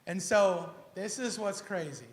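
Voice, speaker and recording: A man preaching a sermon, telling a personal story in an animated, casual way full of slang and acted-out dialogue. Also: high voice, a little slow. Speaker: pastor. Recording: echoey church hall.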